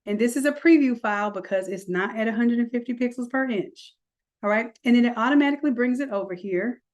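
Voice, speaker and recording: A woman's voice: fairly high pitch, quick pace. Chatty woman teaching a design tutorial. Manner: chatty, folksy asides. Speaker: design instructor. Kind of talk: screen-recorded software tutorial.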